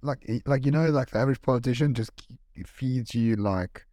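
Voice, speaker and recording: A man's voice: mid-range voice, moderate pace, dark tone, no room sound, clean studio sound. A man co-hosting a podcast, chatting casually and enthusiastically, with lots of rambling "like"s. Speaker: podcast co-host.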